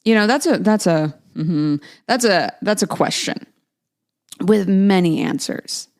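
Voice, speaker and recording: A woman's voice: mid-range voice, expressive, a little slow, darkish tone. A young woman hosting a podcast, talking in a casual, chatty way, laughing often and dropping playful asides. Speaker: podcast host. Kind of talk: casual solo chat.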